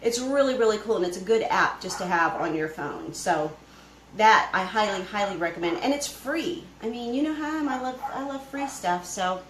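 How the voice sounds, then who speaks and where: A woman hosts a casual homesteading live stream from her home kitchen, rambling as she cooks and greeting viewers by name. Her medium-pitched voice is lively and moderately paced. The camera she moves around picks up a roomy sound with some hiss or hum in a rough recording.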